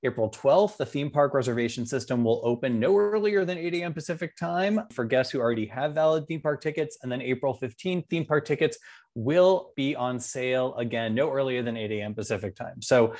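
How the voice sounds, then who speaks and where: Male podcast co-host, mid-pitch, chatty and upbeat news read. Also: a little mellow. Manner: chatty, upbeat, quick asides. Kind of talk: casual podcast news chat.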